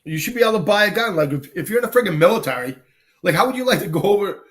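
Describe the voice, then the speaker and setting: A man, casually telling lively army anecdotes on a live talk show and acting out the people he quotes. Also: high-pitched, rapid-fire. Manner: animated anecdotes, acts out quoted people, laughs often. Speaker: guest storyteller, army veteran.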